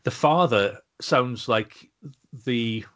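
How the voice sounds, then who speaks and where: A man's voice: medium pitch, drawn-out words, fairly bright tone. A man co-hosting a casual podcast chat, hesitant and full of ums. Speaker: podcast co-host.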